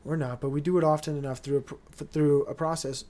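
A young man hosting a solo podcast, telling stories in a loose, excitable way, swearing often and laughing between lines. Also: fairly high pitch, brisk. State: dry mouth. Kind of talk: casual solo monologue.

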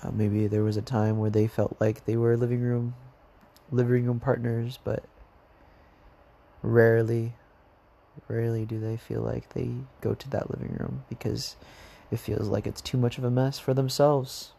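A young man speaking softly and haltingly in a personal diary vlog, tired and sad, sometimes dropping close to a whisper. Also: mid-range voice, level tone, vocal fry. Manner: soft, hesitant, halting, sometimes near a whisper. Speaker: vlogger.

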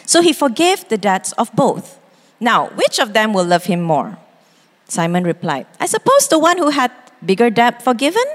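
A woman, preaching a sermon as pastor, expressive and quick to act out voices. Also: medium pitch. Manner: expressive, acts out quoted voices, laughs easily. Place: church hall. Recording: long reverb in a church hall.

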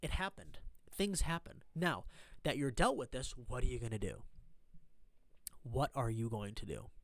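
A man's voice: medium pitch, lively intonation, moderate pace, creaky, no echo. Earnest man giving a rambling pep talk. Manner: earnest, rambling, keeps asking "right?". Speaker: vlogger sharing a mindset talk. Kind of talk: casual motivational monologue. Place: stranded at an airport after a cancelled flight.

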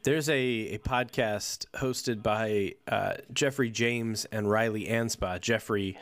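A man's voice: on the low side, fairly even intonation, takes it slowly, no echo. A man co-hosting a comedy podcast, telling rambling, easygoing stories between jokes. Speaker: podcast co-host.

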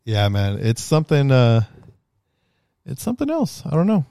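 A man in casual chat, telling stories with lots of swearing, animated and often laughing. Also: medium pitch, normal speed, creaky, smooth, no echo, clean studio sound. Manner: animated, profane storyteller who gets loud and laughs.

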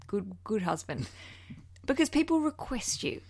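A woman's voice: medium pitch, very animated, unhurried, gravelly, darkish tone, breathy edge. A woman in her thirties hosts a podcast from home. She chats playfully and laughs often. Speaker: podcast host. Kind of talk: casual chat.

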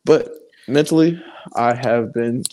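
A man co-hosting a casual podcast while walking around at work, a little winded, reflective, with lots of pauses and light laughs. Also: medium pitch, warm tone, a little hiss or hum. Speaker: podcast co-host.

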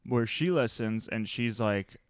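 Guy cohosting a podcast, loud and blunt, dry close mic. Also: fairly low pitch, unhurried, smooth, no echo. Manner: loud, animated, matter-of-fact. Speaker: podcast co-host. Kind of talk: casual chat.

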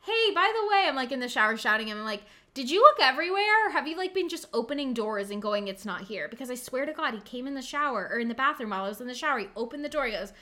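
A young woman with a bright, slightly high voice tells a story on a casual podcast. She acts out the other people's lines and laughs often. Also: animated, very fast, few pauses. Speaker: podcast co-host.

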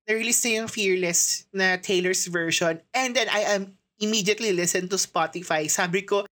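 A woman in her twenties from the Philippines with a Filipino accent, chatting casually on her own show into a close microphone, excitable and giggly, often breaking into laughs and squeals. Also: medium pitch, normal speed. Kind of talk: casual solo chat mixing Tagalog and English.

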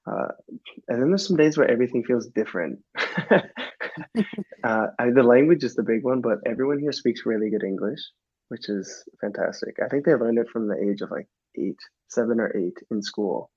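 A man's voice: medium pitch, normal speed, darkish tone, slightly rough, lo-fi sound. A man in his twenties from Minnesota, a podcast guest who talks in a loose, rambling way with many restarts. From Minnesota, USA. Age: 20s. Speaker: guest, professional soccer player. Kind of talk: casual podcast chat.

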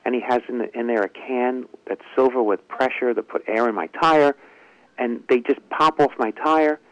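A man's voice: medium pitch, moderate pace, dry recording, poor audio. A man, a ventriloquist and comedian, telling a long story in an interview and acting out the lines of the people in it. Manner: lively anecdotal telling, acts out quoted dialogue.

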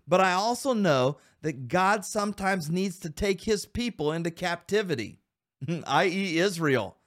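An earnest male podcast host with a slightly high-set voice, urging his listeners on. He talks to them directly, calling them guys and men, and asks them one question after another. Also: fairly bright tone. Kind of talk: Christian men's podcast talk.

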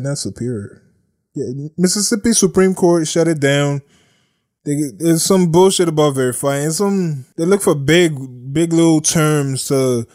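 Slow, blunt sarcastic male podcast host. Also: a little high, a little mellow. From United States. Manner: blunt, sarcastic, repeats himself, laughs at own jokes. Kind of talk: casual news commentary.

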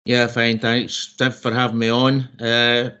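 A man's voice: medium pitch, completely flat delivery, unhurried, bright, forceful tone, clear, resonant tone, dull audio. A man, a guest on a football podcast, talking in a plain, matter-of-fact way. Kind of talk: casual football podcast chat.

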